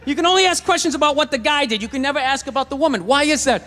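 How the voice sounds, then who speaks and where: A male stand-up comedian with a very high, sharp-edged voice rants through a profane story on a stage before a live crowd. He builds each joke up until it spills into outbursts. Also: animated, racing.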